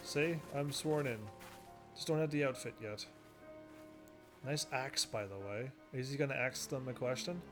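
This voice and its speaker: A man casually commentating while he plays a game, rambling and quick to laugh at it, with game music behind him. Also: mid-range voice. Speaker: gaming video host. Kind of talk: casual let's-play commentary.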